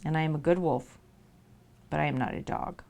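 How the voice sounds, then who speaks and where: A woman voicing a proud, stern male wolf who guards his family, speaking low and firm. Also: a little fast, gravelly, a little mellow.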